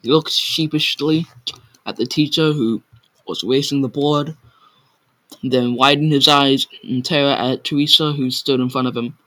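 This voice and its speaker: A man reads a story aloud in a loose, unpolished way. His voice is bright and forceful. He stumbles on hard words and corrects himself as he goes. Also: medium pitch, steady tone, normal speed, rough recording. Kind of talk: casual read-aloud of a story.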